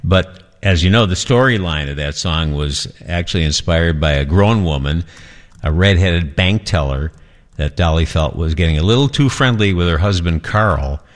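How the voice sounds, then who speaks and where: A male morning news anchor with a very low voice. He chats loosely through the segment, sprinkling in fillers as he hands off to a correspondent. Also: expressive, moderate pace. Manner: chatty, with frequent fillers.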